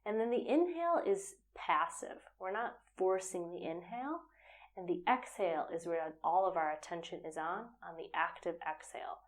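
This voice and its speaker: A woman teaching a yoga practice, giving calm, step-by-step spoken instruction and at times slipping into a breathy whisper. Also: fairly low pitch, normal speed.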